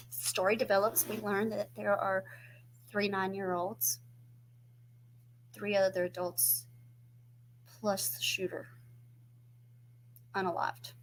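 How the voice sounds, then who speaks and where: A woman's voice: medium pitch, noisy background. A woman, chatting casually to camera as a true crime YouTube host and telling stories. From Southern United States. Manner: chatty storyteller, acts out quoted voices.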